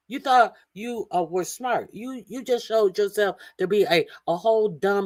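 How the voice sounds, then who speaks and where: A woman's voice: mid-range voice, unhurried, few pauses, no room sound. A woman giving heated commentary over a video clip, angry and cursing, with many filler uh's.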